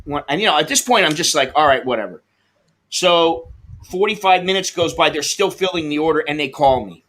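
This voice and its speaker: A livestream host recounts a frustrating delivery story and reads comments, swearing and acting out both sides of the phone calls. His voice is a little high and fairly bright, and he talks fairly quickly.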